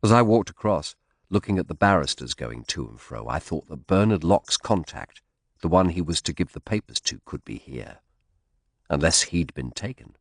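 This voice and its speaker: A man narrating a historical mystery audiobook in a measured, expressive storytelling manner, close to the mic. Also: low-pitched, dry recording.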